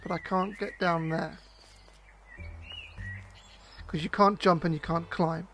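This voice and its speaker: A streamer talks through a puzzle game in a mid-pitched, casual voice. The commentary is hesitant and rambling, full of restarts. They sound sleepy, yawning now and then. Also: steady tone, slow pace, fairly bright tone, soft background music. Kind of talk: casual let's-play commentary.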